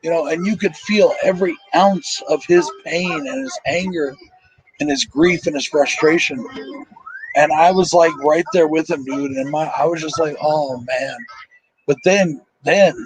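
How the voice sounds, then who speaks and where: A man's voice: on the high side, moderate pace, music in the background, low-quality recording. A man hosting a casual live movie commentary, tired and sleepy, talking in a rambling, emotional and profane way with lots of fillers.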